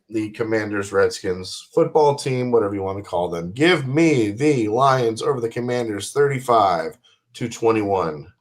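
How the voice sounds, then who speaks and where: A man hosting a casual football pick'em show, running each game's segment. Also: fairly low pitch. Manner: unhurried, runs the segments by asking for referee, announcers and ticket prices. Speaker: podcast host.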